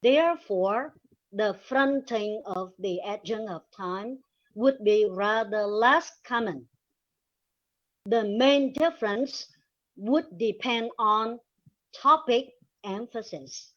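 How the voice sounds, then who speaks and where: A woman whose first language is Vietnamese, presenting a linguistics webinar in slow, deliberate reading with pauses. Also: fairly high pitch, a bit bright. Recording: dull lo-fi recording.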